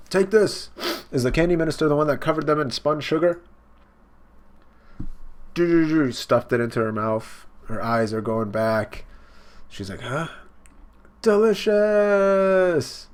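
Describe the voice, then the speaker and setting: A man hosting a live comic reaction, chatting loosely with plenty of fillers and half-finished thoughts. His voice sits at an ordinary middle pitch. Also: fairly even intonation, moderate pace. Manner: casual, many fillers and trailing off. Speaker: reaction video host.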